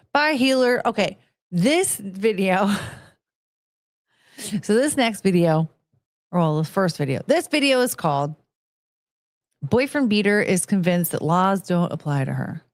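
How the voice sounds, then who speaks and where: A woman's voice: mid-range voice, very animated, unhurried, long pauses, no room sound. A woman hosting a reaction video, commenting in an exasperated, incredulous way.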